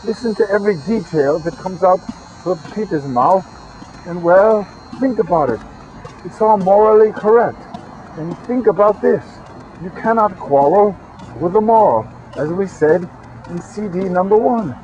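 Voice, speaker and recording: A man's voice: high voice, a little slow, a little mellow. Man, comic rambling monologue, rhymes and repeats, faint traffic hum behind. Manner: playful rhyming wordplay, repetitive, crude jokes. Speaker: host of a channeling recording. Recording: dull lo-fi recording with faint traffic noise.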